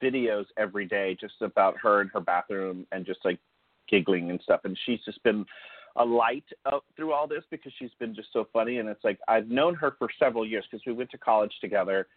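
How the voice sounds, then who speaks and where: A man's voice: fairly low pitch, a little fast, no room sound. A man co-hosting a podcast, chatting in a rambling way with lots of fillers. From San Francisco area. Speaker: podcast co-host. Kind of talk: casual chat. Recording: dry tinny phone-like line.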